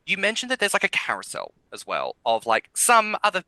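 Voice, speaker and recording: A man's voice: sits high, wildly swooping pitch, fairly quick, sharp tone, dry recording, poor audio. A man co-hosting a podcast and interviewing a guest in a casual style, enthusiastic and profane, asking long rambling questions. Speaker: podcast co-host.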